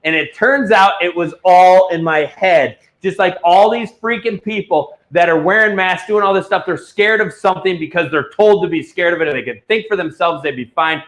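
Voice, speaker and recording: A man hosting a live online auction, telling a rambling, profane story before pitching items. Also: normal speed, hardly any pauses, a bit bright. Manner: rambling, ranting storyteller who swears freely. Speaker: livestream auction host. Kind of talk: casual livestream chat and product pitch.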